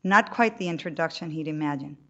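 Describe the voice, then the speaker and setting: A woman's voice: deep voice, brisk, bright, forceful tone. Woman reading a novel, lo-fi. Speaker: reader.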